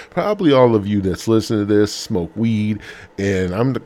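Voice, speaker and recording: A man's voice: sits low, darkish tone. A man hosting a solo podcast, rambling in a crude, profane, self-deprecating way with a faint hum behind him. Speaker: podcast host. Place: home room with a humming heater.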